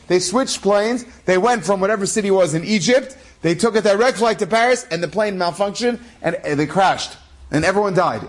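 A man telling an inspirational religious story in a dramatic, animated way and drawing a moral from it. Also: high-pitched.

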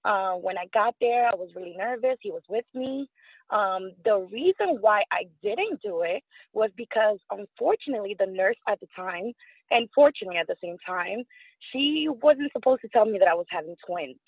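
A woman in her thirties from New York, telling a personal story as an interview guest, lively and acting out what others said. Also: mid-range voice, normal speed, no echo. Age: 30s. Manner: animated, acts out quoted voices, frequent fillers. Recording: tinny phone-line sound.

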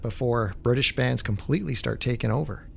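A man from Canada, a music director, co-hosting a casual, relaxed chat about music history. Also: medium pitch, brisk, gravelly, a little hiss or hum.

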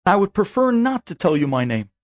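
A man acting out an anguished older father, begging for help and close to tears. The voice sits fairly high and sounds dry and close, as if spoken straight into the ear. It is earnest and halting, with a catch of emotion. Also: big pitch swings, no echo. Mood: pleading. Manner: emotional, pleading, tearful over the phone. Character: distraught older father pleading for his son.

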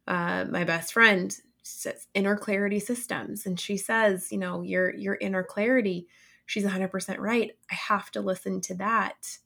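Woman, interview guest, earnest personal story, animated quoting. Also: medium pitch, creaky.

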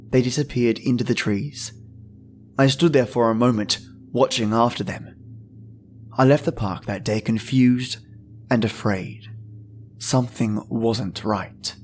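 A man narrating a creepy tale at a middle pitch, unhurried and low in volume. He sounds friendly and chatty, with faint music underneath. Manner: friendly, chatty intro, then slow hushed reading. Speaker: podcast host and narrator. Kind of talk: scripted horror story narration.

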